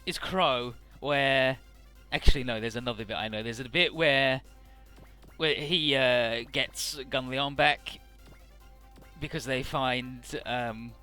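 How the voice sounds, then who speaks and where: A man's voice: medium pitch, takes it slowly, bright, forceful tone, clear, resonant tone, faint music behind. A young man giving casual, rambling and profane commentary over a video game playthrough. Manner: rambling, profane, jokey retelling. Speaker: Let's Play commentator.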